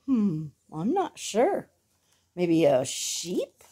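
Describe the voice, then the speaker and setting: A woman's voice: lowish voice, huge pitch swings, drawn-out words, warm tone, a little hiss or hum. A woman reading a bedtime picture book aloud at home, stopping for chatty asides to her dog. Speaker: reader of a children's picture book.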